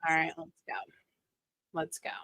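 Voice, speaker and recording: A woman's voice: moderate pace, sharp tone, no room sound. A woman streamer giving snarky, gossipy commentary while reacting to videos.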